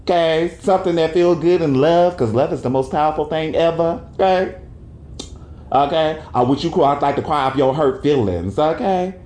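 A man's voice: moderate pace, a little mellow. A man podcasting in a brash, profane casual rant, laughing often and tagging lines with "okay?". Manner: jumps into high falsetto for quoted bits; frequent laughter and "okay?" tags. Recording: roomy echo.

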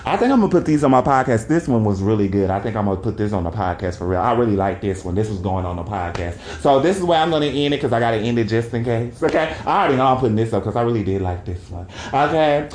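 Talking fast with few pauses and lively intonation, a middling-pitched male podcaster delivers a brash, profane, emphatic rant, tacking "okay?" onto his points and bursting into laughter. He switches to a high falsetto when quoting, and the recording carries a roomy echo.

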